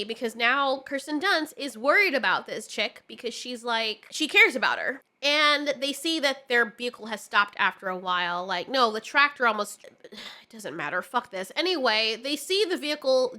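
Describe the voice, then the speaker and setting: A woman's voice: high voice, sharp tone. A woman giving a ranting casual film review, exasperated and sarcastic, swearing often. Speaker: movie reviewer.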